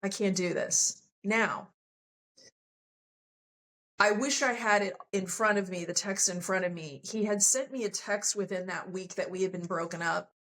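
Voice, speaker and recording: On a podcast, a female guest shares a personal story with candor and emotion, earnestly acting out what the people in it said. Her voice is medium in pitch, steady, fairly bright and moderately paced, on a low-quality recording.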